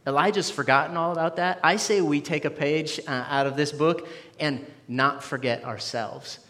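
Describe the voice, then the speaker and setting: A man preaches to his church congregation, reading scripture aloud and drawing a lesson from it. His voice sits a little higher than most men's. He stays earnest, with small humorous asides to the room. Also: moderate pace, fairly bright tone, long reverb tail. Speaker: pastor. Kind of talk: sermon.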